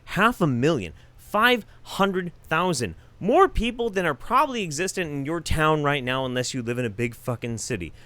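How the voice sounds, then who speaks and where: Swearing man with a lively voice. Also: on the high side, moderate pace, hardly any pauses, dry recording. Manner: heavy swearing, swings between shouted rants and quiet asides. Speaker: host. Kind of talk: profane reaction commentary.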